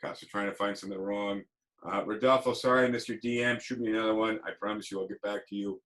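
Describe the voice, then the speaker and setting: A bright, forward-sounding man hosts a relaxed livestream talk. He tells his stories with animated energy and acts out the voices of the people he quotes. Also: on the low side, fast talker. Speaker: podcast host. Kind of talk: casual livestream chat.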